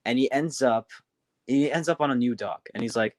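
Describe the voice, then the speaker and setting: A man's voice: medium pitch, moderate pace, no echo. Rambling man telling a story on stream. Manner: rambling, many restarts and fillers. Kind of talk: casual livestream storytelling.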